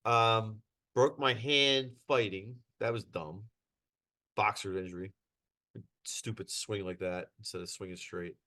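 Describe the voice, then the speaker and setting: A middle-aged man, a podcast guest, telling stories in a lively casual way, laughing and acting out quotes. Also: fairly low pitch, a little slow. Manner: animated, laughs through his stories, acts out quotes. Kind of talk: casual storytelling.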